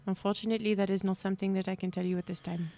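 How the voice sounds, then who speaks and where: A woman's voice: medium pitch, flat delivery, very fast, mellow, natural voice. A woman voicing a stern city guard who speaks formally in a tabletop game. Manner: clipped, formal.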